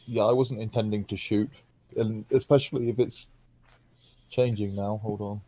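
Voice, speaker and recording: Male player in an online tabletop game, warm mellow voice, laid-back jokey delivery, dry mic. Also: lowish voice, fairly even intonation, moderate pace, no room sound. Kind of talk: casual tabletop play over voice chat.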